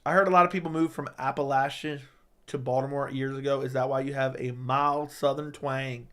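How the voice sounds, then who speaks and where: A man hosting a casual livestream, reading viewer questions out loud and answering them in a chatty, joking way. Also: medium pitch, steady tone, a little fast. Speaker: livestream host.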